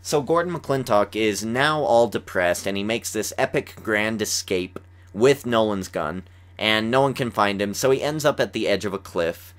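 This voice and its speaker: Speaking at a moderate pace in a lowish voice, this young podcast host gives a rambling episode recap in a casual chat. His retelling is lively and peppered with "like."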